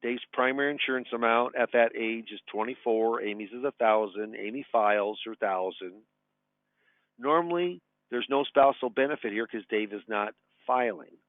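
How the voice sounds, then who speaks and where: A man's voice: mid-range voice, normal speed, dry recording. A man in his sixties, a retirement advisor giving a webinar from his office in a folksy, chatty way. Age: 60s. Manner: folksy, chatty, tells anecdotes and chuckles. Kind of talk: webinar teaching. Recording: tinny phone-like dry webinar audio.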